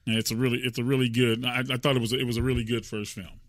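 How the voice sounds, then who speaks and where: A man's voice: mid-range voice, level tone, rapid-fire, no echo. A man hosting a casual podcast chat, often stammering and repeating words as he talks. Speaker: podcast host.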